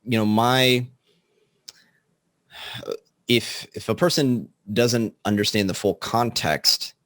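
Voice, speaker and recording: A man hosting an interview podcast, chatting casually and often pausing on filler words. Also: fairly low pitch, no room sound. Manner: relaxed, frequent filler words. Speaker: podcast host.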